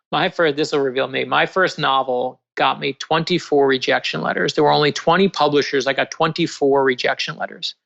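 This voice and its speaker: A man in a casual interview, an author telling stories in an animated, earnest way. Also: a little high, moderate pace, creaky. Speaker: author and guest. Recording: dull lo-fi remote audio.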